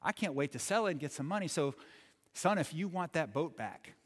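A man's voice: fairly high pitch, animated, brisk. Shop owner figure, stubborn, blunt, dismissive, long reverb, a man putting him on. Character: gruff male shop owner, stubborn and money-minded.

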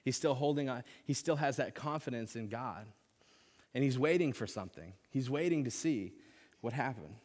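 A man's voice: mid-range voice, lively intonation, moderate pace, a little mellow. Earnest man preaching in a reverberant hall. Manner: earnest, conversational, with casual fillers. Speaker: pastor. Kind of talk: sermon. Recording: long reverb of a large hall.

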